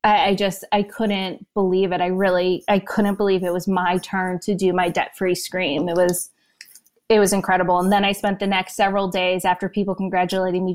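A woman's voice: fairly low pitch, flat delivery. A woman in her thirties telling her story as an interview guest, emotional and close to tears. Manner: emotional, talks in quick bursts. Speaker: podcast guest.

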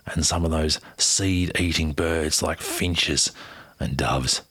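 A man reads a news piece aloud in a soft, unhurried way, slipping into near-whispers and chatty asides. His voice is very low, rough and breathy, with lots of fry. The sound is dry and close. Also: steady tone, no echo. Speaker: reader of a news article. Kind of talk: casual read-aloud with asides.

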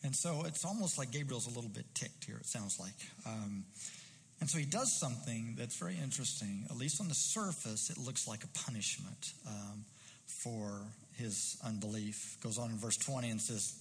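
A man's voice: medium pitch, lively intonation, normal speed, big-room sound, rough recording. A man preaching a sermon in a conversational, musing way with frequent fillers.

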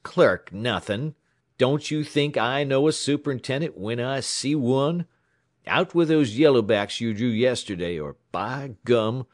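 A man voicing a menacing, contemptuous male tramp with a hoarse, gruff, slow drawl. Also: medium pitch, no room sound, clean studio sound, pitched above the performer's own voice, lightly acted.

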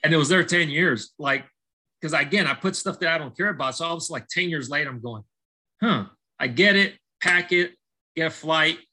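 A fairly high-pitched, fairly quick male voice comes through poor audio. It belongs to a middle-aged baseball coach guesting on a podcast, who tells his life story as testimony while animatedly acting out the dialogue and restarting his sentences often.

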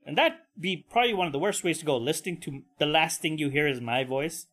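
A nasal man talks through a casual solo podcast, with a voice that swings up and down a lot as he rambles. He swears freely, jumps between topics, and now and then pops into high mock voices. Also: animated, quick pace, fairly bright tone. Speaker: podcast host.

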